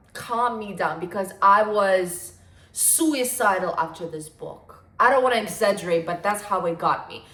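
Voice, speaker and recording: A woman's voice: fairly high pitch, fairly bright tone. A woman in her twenties chatting casually and gushing about books, her talk full of fillers. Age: 20s. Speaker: book vlogger. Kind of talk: casual chat. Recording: echoey room.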